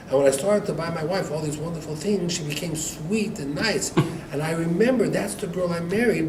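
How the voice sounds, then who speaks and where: Rabbi guy telling a funny story in class, kinda high voice, echoey room from far off, noisy. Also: a little fast, hardly any pauses. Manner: animated joke-telling, acting out dialogue, laughs often.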